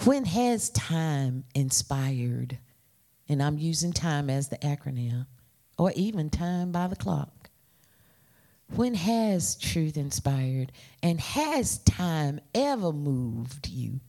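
Her voice rises and falls with lively energy as she preaches, her pace slow and her words stretched out. In a playful manner, she calls on the congregation to respond by repeating her lines.

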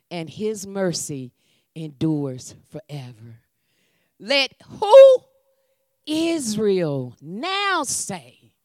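A woman preacher leads a sermon with call and response, swinging between loud calls and hushed whispers. Her voice is medium in pitch, and the studio recording is clean with no room sound.

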